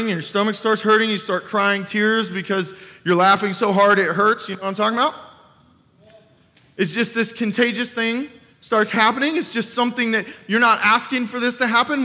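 A young man preaching in a church sanctuary, his voice high and ringing. He talks animatedly and conversationally, throwing questions out to the congregation. The sound carries a long reverberant tail from the hall. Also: pushed and bright. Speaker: youth pastor preaching as guest. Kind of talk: sermon.

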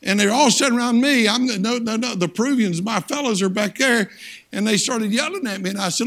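A man's voice: high-pitched, fairly quick, a bit bright. An older man, a missionary and guest preacher, giving a sermon in a plain-spoken, folksy storytelling way with emphatic turns. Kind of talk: sermon with personal stories.

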